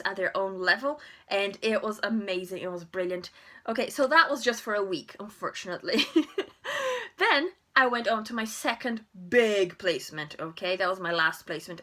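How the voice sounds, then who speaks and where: Bright-voiced chatty young woman vlogger. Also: medium pitch. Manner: chatty and expressive, laughs often. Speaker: primary school teacher and vlogger. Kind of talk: casual talk to camera.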